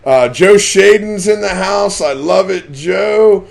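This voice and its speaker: Gravelly man hosting a live fishing chat. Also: high voice, slow pace. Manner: chatty, reads out viewer names and greetings. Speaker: host of a live fishing talk stream. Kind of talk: casual live-stream chat.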